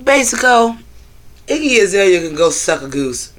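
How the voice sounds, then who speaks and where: A man's voice: high-pitched, sing-song, moderate pace, a bit bright. A man hosting a casual livestream on his phone, talking loosely and profanely while answering his chat. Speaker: livestream host.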